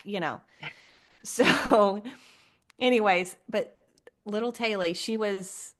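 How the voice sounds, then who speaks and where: A woman's voice: medium pitch, takes it slowly, pauses often. Laughing woman telling stories. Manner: animated storytelling, laughs often, acts out quotes. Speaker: podcast co-host. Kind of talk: casual chat.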